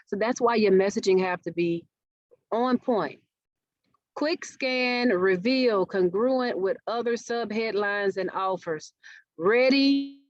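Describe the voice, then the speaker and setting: A woman's voice: mid-range voice, no echo. A woman, presenting a marketing workshop and often checking in with her audience. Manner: engaging, asks audience questions often. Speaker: marketing speaker. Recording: dull, dry webinar audio.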